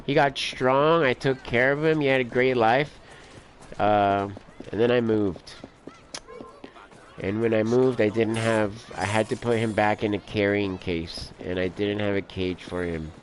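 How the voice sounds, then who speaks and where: A man's voice: on the low side, fairly even intonation, measured pace, slight background noise. A man streaming a game, telling rambling stories between play, filler-heavy and casual. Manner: rambling storyteller, lots of "like" and "dude". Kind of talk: casual let's play commentary.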